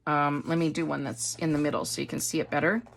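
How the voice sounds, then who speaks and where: A middle-aged woman from Wisconsin talks to her viewers in a rambling, gushing way. Her is clear, and her voice sits a little low. She sounds like a casual craft-haul vlog. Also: little pitch movement, quick pace, a little hiss or hum. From Wisconsin, USA. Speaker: craft vlogger. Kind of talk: casual haul chat to camera.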